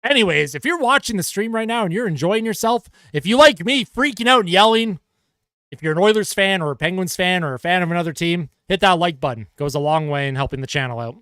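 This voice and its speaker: A man's voice: high voice, expressive, quick pace, few pauses, fairly bright tone, clean tone, no room sound, clean studio sound. A man streaming live fan reaction and play-by-play commentary, swearing and ranting about calls. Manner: exasperated, swearing, rants at calls.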